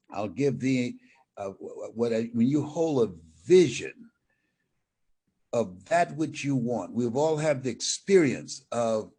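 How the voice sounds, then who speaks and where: Older male speaker, husky, very animated storyteller who acts out every voice in the anecdote. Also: medium pitch. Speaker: motivational speaker, guest. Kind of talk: storytelling interview.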